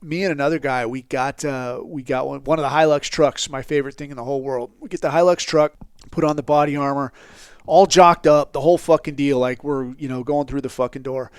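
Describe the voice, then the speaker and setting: Middle-aged male podcast host, crude swearing storyteller, smooth voice, dry close sound. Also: mid-range voice, a little fast, dry recording. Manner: crude, profanity-heavy, animated when quoting others. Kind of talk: profane storytelling monologue.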